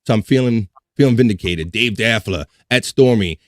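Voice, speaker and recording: A man's voice: lowish voice, normal speed, dry recording. Guy hosting a live podcast stream, cussing a lot and venting with laughs. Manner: profane, ranting, laughing while venting. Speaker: livestream podcast host. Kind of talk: casual livestream chat.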